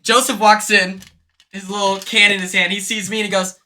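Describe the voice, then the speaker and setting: A man hosting a casual livestream chat, telling stories quickly and excitably with lots of fillers. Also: high-pitched. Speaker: streamer host.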